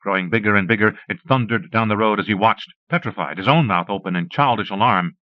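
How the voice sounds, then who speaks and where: A man reading a horror fantasy story aloud in measured, steady narration. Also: lowish voice, no echo. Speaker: audiobook reader. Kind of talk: scripted narration. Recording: muffled dry cassette recording.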